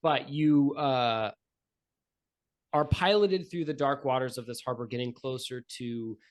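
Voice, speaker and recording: A man's voice: mid-range voice, unhurried. A man narrating a tabletop game as game master, casual and joking, with many fillers.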